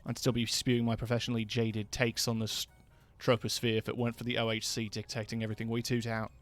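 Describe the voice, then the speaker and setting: A man voicing a jaded, world-weary male newspaper writer in a game, using an attempted British accent and a dry, low-energy, sardonic delivery. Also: monotone, fast talker, natural voice.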